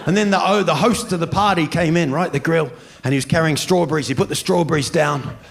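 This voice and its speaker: A New Zealand man in his fifties doing a stand-up comedy set, telling stories in an animated way and shouting when he does impressions. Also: fairly high pitch, fast talker, creaky. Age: 50s. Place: large venue with a live audience. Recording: live stage recording with crowd and noise.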